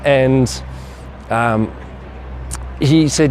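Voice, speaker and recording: Man vlogger, mid pitch, eager and rambling, faint street traffic behind. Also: slow pace, pauses often, darkish tone. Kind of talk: casual storytelling to camera.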